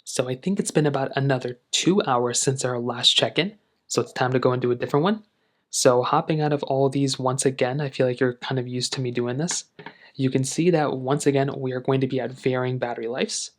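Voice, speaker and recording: A man narrating a casual tech review in a relaxed, rambling way, with lots of filler phrases. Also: medium pitch, a little fast.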